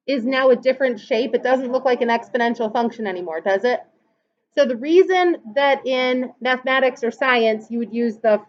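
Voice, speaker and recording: A woman teaching a math class, patiently walking through calculator steps and asking students questions. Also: on the high side. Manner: patient, explains step by step and asks the class questions. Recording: dull lo-fi classroom recording.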